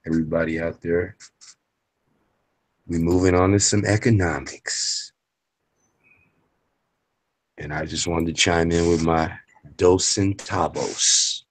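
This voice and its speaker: Slow, deep-voiced male caller. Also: fairly even intonation. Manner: laid-back, playful, rambling. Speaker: guest caller. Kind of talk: casual chat on a call. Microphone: home mic, too close at first.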